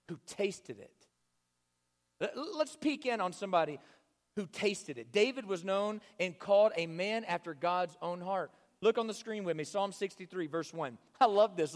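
A man preaching a sermon with passion, swinging from loud urging down to hushed, near-whispered lines. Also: high-pitched. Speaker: pastor. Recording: long hall reverb.

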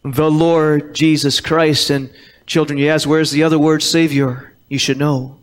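A man's voice: on the high side, level tone, a little slow. A man preaching a sermon as pastor, emphatic and repeating key words, quoting scripture in old-fashioned wording. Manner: quotes scripture in King James wording. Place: church sanctuary.

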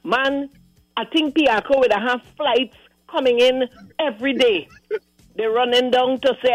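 A Trinidadian woman phoning in to a radio show, fired up and indignant as she acts out the people she quotes. Her voice sits fairly high and sounds dry and close, with faint music underneath. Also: normal speed, no echo, rough recording. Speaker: caller. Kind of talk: call-in radio commentary. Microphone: phone line.

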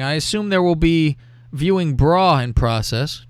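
A man hosting a casual show, telling a crude story in a lively, profane way and reading out text messages. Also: on the high side, unhurried, smooth, no room sound. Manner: animated, profane, reads out texts with laughter. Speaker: podcast host.

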